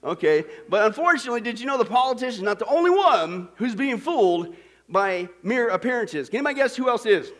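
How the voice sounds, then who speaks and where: Lively, laughing pastor with a very high voice. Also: male voice, fast talker. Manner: lively, laughing storyteller, asks the crowd questions. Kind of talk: sermon with a joke.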